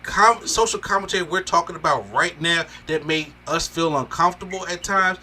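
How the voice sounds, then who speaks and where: A man hosting a casual movie review podcast, talking excitedly and swearing as he acts out scenes. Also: fairly high pitch, moderate pace, a little hiss or hum. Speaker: podcast host.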